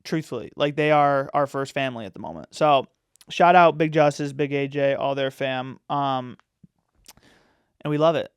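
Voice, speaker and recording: A man's voice: mid-range voice, normal speed, clean tone, no room sound, clean studio sound. A man hosting a podcast in a casual, rambling chat, giving strong opinions and filling his talk with "like" and "you know.". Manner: rambling, opinionated, full of fillers. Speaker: podcast host.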